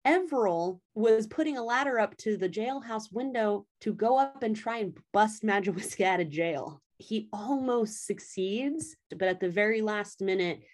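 A woman in casual chat, animatedly retelling a story's plot and swearing freely as she quotes the characters. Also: mid-range voice. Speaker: podcast co-host recapping a story.

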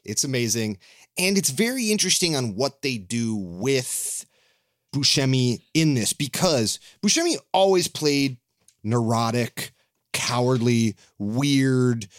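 A man's voice: medium pitch, expressive, takes it slowly, no echo. Enthusiastic swearing man, dry close sound. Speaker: podcast co-host. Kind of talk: casual chat.

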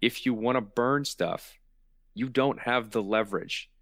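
A man's voice: medium pitch, a little slow, dry recording, studio quality. A man hosting a podcast in casual chat, explaining his point and repeating words for emphasis. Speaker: podcast host.

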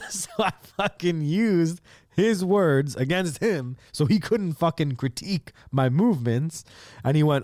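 A podcast host in his late twenties tells stories in a casual, profane monologue, animatedly acting out the people he quotes. His voice sits on the high side at a normal speed, with clean studio sound and no echo.

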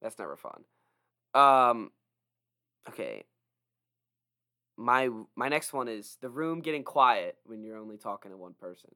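Lively, bright-voiced young man. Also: mid-range voice, measured pace, pauses often. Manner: animated, acts out quoted reactions. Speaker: podcast co-host. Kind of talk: casual chat.

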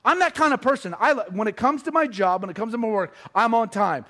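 Man, middle-aged pastor, high voice, animated, self-deprecating humor, sermon. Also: fast, hardly any pauses. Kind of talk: sermon with storytelling.

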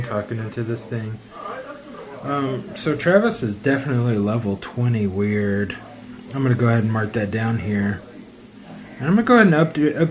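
A man's voice: medium pitch, a little mellow, poor audio. A man co-hosting a podcast in casual chat, rambling and playful, full of self-mocking jokes. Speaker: podcast co-host.

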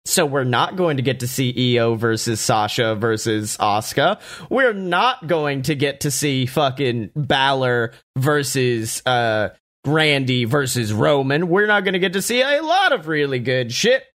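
A man hosting a casual podcast, talking excitedly and profanely with lots of laughter and mock quotes. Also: mid-range voice, measured pace. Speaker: podcast host. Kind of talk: casual wrestling podcast chat.

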